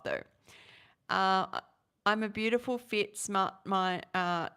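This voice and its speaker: A woman's voice: mid-range voice, fairly bright tone. A woman, chatting casually and rambling through a live vegan recipe vlog. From Australia. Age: 30s. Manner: rambling, chatty, self-interrupting, quick laughs.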